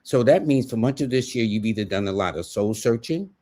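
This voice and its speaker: A man's voice: mid-range voice, expressive, fairly quick, mellow. A man with a New York accent giving live numerology readings in a folksy, conversational way, speaking to viewers by name. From United States. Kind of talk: casual livestream reading.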